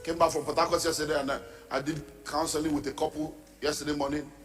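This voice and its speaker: A man's voice: on the high side, flat delivery, fast, long reverb tail, faint music behind. A middle-aged Nigerian man preaching a sermon as pastor, emphatic, dropping into pidgin asides and mimicking the people he talks about.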